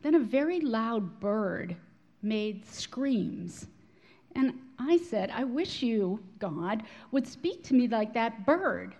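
A woman speaking to a Christian gathering, telling a prayer story in an animated, expressive way. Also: a little high, takes it slowly, highs cut off. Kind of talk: storytelling talk to an audience.

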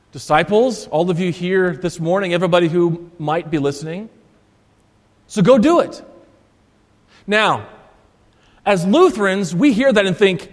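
A man's voice: sits high, animated, a little slow, pauses often. A male Lutheran pastor preaching a sermon, emphatic and repeating his key phrases for stress. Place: church sanctuary. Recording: long church reverb.

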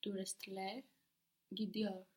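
A woman student answering a teacher's prompts in a language lesson, speaking softly and carefully. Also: mid-range voice, level tone, takes it slowly. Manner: soft, careful, tentative answers.

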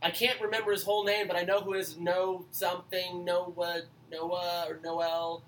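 A woman co-hosting a casual podcast, excitable and swearing freely while laughing. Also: lowish voice, moderate pace, a little hiss or hum, rough recording. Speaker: podcast co-host. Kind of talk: casual chat.

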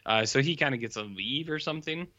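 A man's voice: medium pitch, quick pace, pushed and bright, dull audio. A man co-hosting a podcast, rambling casually as he retells a film and drops into character voices. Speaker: podcast co-host. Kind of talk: casual chat, recapping a film.

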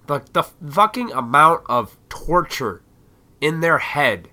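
A man with a cold, his voice raspy, hosting a solo podcast and ranting in a heated, profane way. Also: on the high side, sing-song, slow pace, sharp tone. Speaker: podcast host.

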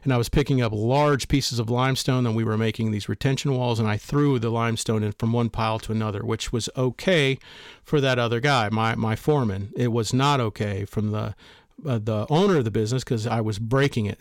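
A man's voice: mid-range voice, a little fast, dry recording, clean studio sound. Blunt, emphatic male podcast host. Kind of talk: motivational talk on leadership.

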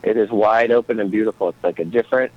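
Calling in over a muffled phone line from a small airport, a co-host jokes and rambles on a casual sports talk show. He talks fast in a fairly low voice.

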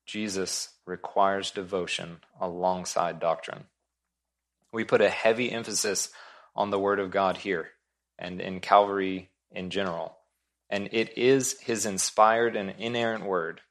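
A male pastor delivers a sermon in a low, deep voice. He speaks earnestly and with emphasis. He repeats his main points for weight. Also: a bit bright.

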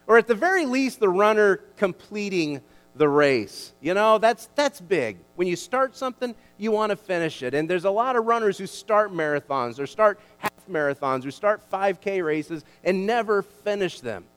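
A man preaching a sermon as a pastor, emphatic and animated, often restarting his words. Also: a little high, normal speed, clear, resonant tone. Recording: long hall reverb.

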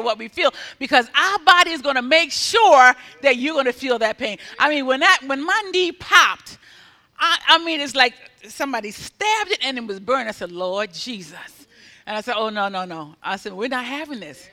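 A man preaching a sermon, telling stories in an animated way, acting out what people said and building to loud exhortation. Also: very high voice, moderate pace. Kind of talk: sermon storytelling. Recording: long hall reverb.

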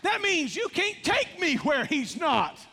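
Male preacher, very high voice, rhythmic sermon delivery, echoing church hall. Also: sing-song, slow, vocal fry, bright, forceful tone, a little hiss or hum. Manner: rhythmic preaching, calls out to the congregation. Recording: long reverb of a large hall.

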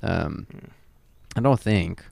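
A man's voice: deep voice, expressive, slow, vocal fry, darkish tone, dry recording. A man co-hosting a comedy podcast, riffing with sarcasm in casual banter. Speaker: podcast co-host.

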